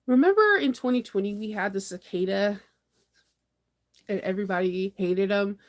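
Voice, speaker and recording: A woman's voice: mid-range voice, moderate pace. Woman from the US, sewing channel host, rambling morning live chat, laughs easily, mid-range voice, dramatic outbursts.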